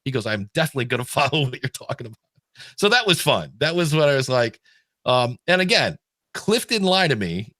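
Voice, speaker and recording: A middle-aged man hosting a podcast, telling a story in a casual, animated way with excited restarts. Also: medium pitch, a little fast, dry recording, clean studio sound. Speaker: podcast host.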